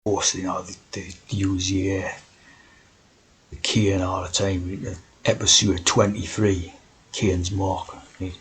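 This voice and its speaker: A man's voice: low voice, little pitch movement, slow pace, a bit bright, husky, low-quality recording. A man talking in a rambling monologue, tagging his points with "right?". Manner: meandering, keeps asking "right?". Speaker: video host.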